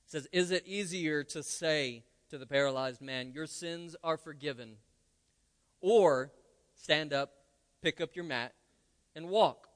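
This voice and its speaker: A male pastor giving a lively, conversational sermon with playful asides, recorded in a church. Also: fairly high pitch, measured pace. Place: church sanctuary. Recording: long church hall reverb.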